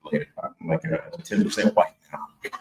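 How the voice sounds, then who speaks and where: Speaking fast, this author's voice is a little high, gravelly, and slightly mellow, with wildly swooping pitch. He shares a frank personal story with jokes before an audience in a big event hall, captured from afar amid heavy echo.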